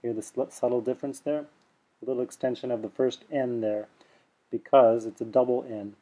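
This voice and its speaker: A man's voice: mid-range voice, fairly even intonation, normal speed, dark tone. Man patiently teaching pronunciation. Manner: patient, explains step by step, demonstrating sounds. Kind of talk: pronunciation lesson.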